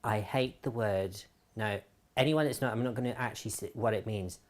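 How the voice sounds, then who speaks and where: A Scottish man chats as a guest on a casual craft live stream. He talks haltingly, often stopping on an um and restarting his sentences. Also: fairly low pitch. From Scotland. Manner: halting, lots of ums and restarts.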